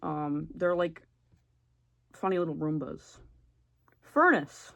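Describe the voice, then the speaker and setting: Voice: mid-range voice, normal speed, dry recording. Blunt, sarcastic young adult YouTuber. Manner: blunt, sarcastic, swears freely. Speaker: YouTuber ranking game characters. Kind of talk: casual comedic commentary.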